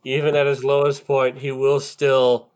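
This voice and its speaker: A man co-hosting a podcast, chatting in a relaxed, reflective way about a film. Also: medium pitch, measured pace, smooth. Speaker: podcast co-host. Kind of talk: casual film discussion.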